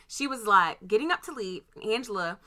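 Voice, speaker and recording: A woman's voice: medium pitch, animated, fairly quick, pushed and bright. A young woman from Maryland, co-hosting a casual chat and animatedly telling a story, laughing and acting out the voices. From Maryland, USA. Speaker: podcast co-host.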